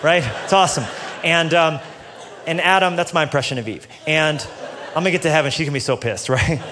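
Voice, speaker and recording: A man preaching a casual, joking sermon to a church audience, building up to loud, passionate peaks. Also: a little high, a little fast, some chatter behind, slight background noise. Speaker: pastor. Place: church stage before a live audience.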